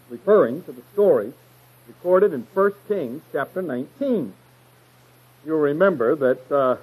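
Husky-voiced man teaching scripture emphatically. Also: on the high side, darkish tone, low-quality recording. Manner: emphatic, stresses key words; folksy retellings of scripture. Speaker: Bible teacher. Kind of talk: verse-by-verse Bible teaching.

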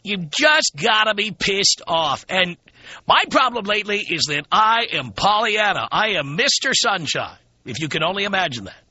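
Sardonic radio host with a bright voice. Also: male voice, sits high, big pitch swings, normal speed, breathy edge, no echo, lo-fi sound. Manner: sardonic, profane, self-mocking. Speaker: radio talk show host. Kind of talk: monologue to radio listeners. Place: radio studio. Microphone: studio microphone.

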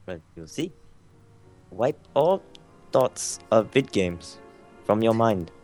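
A man doing an impression of a formal male game executive, speaking in slow, deliberate phrases. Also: fairly low pitch, very animated, darkish tone, faint music behind. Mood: grave, formal. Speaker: podcast guest.

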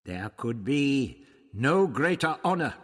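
A man voicing a scheming male courtier who talks smoothly and persuasively, in an audiobook reading. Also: medium pitch, big pitch swings, slow, fairly bright tone, big-room sound, pitched above the performer's own voice, exaggerated voice.

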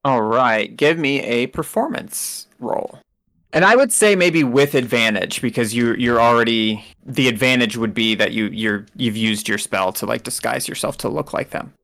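A man's voice: medium pitch, moderate pace, a bit bright. A man narrating as game master in a casual, rambling way, laughing often.

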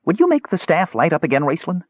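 A man doing a chirpy, squeaky kender. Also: quick pace, no echo, lo-fi sound. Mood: eager. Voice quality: high excited squeaky voice. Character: bubbly carefree small kender, high and eager.

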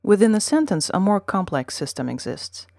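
A woman hosting a language-learning podcast, reading a scripted lesson in a measured, explanatory way and modelling sample words. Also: mid-range voice, very animated, gravelly, a little mellow, dry recording, studio quality.

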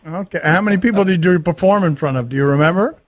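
A man hosting an interview show, asking questions in a relaxed way and reading out tour dates. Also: sits high, fast talker. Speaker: host.

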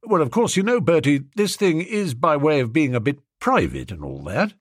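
A man voicing a gloomy, hard-up young gentleman in an audiobook, rambling in flustered, old-fashioned slang. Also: a little high, sing-song, normal speed, no echo, studio quality. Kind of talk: audiobook character voice.

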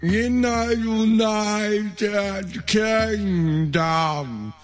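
A man putting on a slow, heavy, mock-threatening voice as a male Terminator figure. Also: on the high side, expressive, voice pushed down, full character voice. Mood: proud. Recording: loud music behind the voice.

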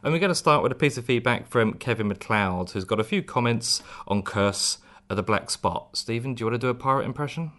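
A man hosting a podcast, speaking in a dry, wry and measured way. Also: mid-range voice, animated, a bit bright. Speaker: podcast host. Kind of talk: casual podcast chat.

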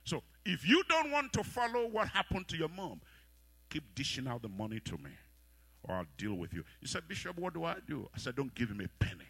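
A pastor preaching a sermon. He leads the congregation in call-and-response prayer, tells stories in animated voices and rises to loud shouts. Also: fairly high pitch, a little fast, gravelly, slightly rough, dry recording. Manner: animated storytelling with voiced characters.

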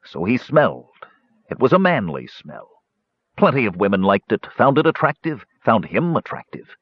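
A man narrating a fantasy audiobook in a varied, expressive storytelling manner. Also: medium pitch, moderate pace, breathy edge, dry recording. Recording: dull dry studio recording.

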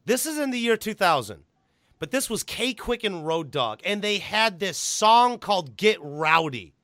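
A man hosting a podcast in casual chat, animated and swearing freely. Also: sits high, measured pace, no echo. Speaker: podcast host.

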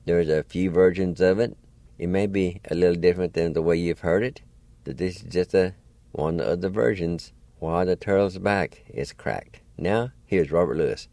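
A man hosting a radio show, calmly introducing a storyteller in a measured way. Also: deep voice, no room sound. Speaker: radio host.

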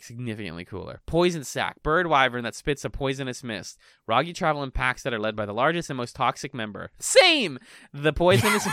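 A man co-hosting a casual podcast about a video game, chatting in an animated way, laughing often and swearing casually. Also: medium pitch, clean tone, dry recording, clean studio sound. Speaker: podcast co-host.

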